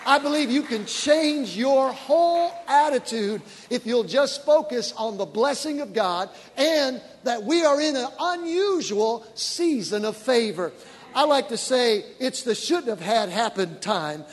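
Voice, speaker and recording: A man, a pastor, preaching a sermon with animated storytelling that rises to shouted praise. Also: very high-pitched, unhurried. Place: large church auditorium. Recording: long reverb of a large church hall with congregation. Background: faint congregation.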